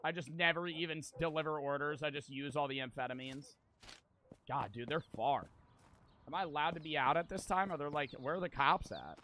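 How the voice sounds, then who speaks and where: A man's voice: a little high, brisk, slight background noise. A young man streaming a video game, chatting casually to his viewers, swearing and laughing as he plays. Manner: loud, swearing, talks to chat, laughs often. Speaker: gaming streamer. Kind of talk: casual let's-play commentary.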